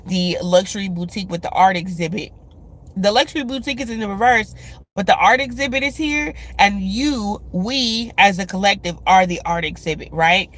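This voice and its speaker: A woman's voice: mid-range voice, moderate pace, fairly bright tone. A woman hosting a love reading, talking casually to her viewers with lots of filler words. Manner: chatty, many filler words; speaks to viewers directly.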